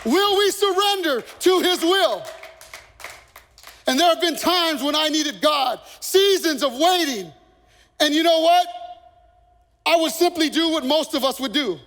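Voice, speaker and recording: A man with a strikingly high voice delivers a slow, unhurried sermon as a pastor, building with passion to shouted peaks. His words ring with the long reverb of a church hall, with faint music underneath. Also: expressive. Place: church sanctuary.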